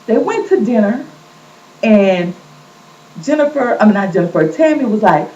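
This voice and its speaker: A woman recaps a show in a lively, gossipy way, her voice swinging up and down as she acts out other people's lines. She sits back from the mic in an echoing room. The recording sounds dull and lo-fi. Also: mid-range voice, moderate pace. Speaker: vlog host recapping a reality show. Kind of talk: casual chatty recap. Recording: echoey, distant, dull lo-fi sound.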